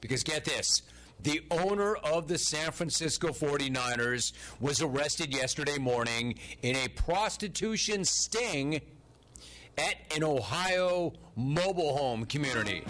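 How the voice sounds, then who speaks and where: A man's voice: fairly high pitch, animated, measured pace, a bit bright, soft background music. A man hosting a sports talk show, delivering sarcastic, incredulous, mocking commentary.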